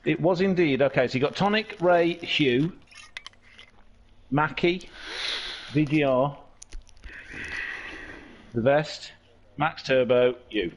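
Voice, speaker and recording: Male streamer, rambling and playful, somewhat high-pitched, lo-fi audio. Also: slow, pauses often, slight background noise. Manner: chatty, joking, rambling. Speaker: streamer, race host. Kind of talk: casual chat during online racing.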